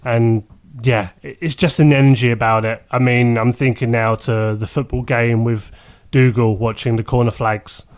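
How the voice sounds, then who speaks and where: A man chatting casually on a podcast, his voice sitting at an ordinary pitch. He talks with eager enthusiasm and laughs a lot. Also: steady tone. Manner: enthusiastic, laughs often, breaks into quick impressions.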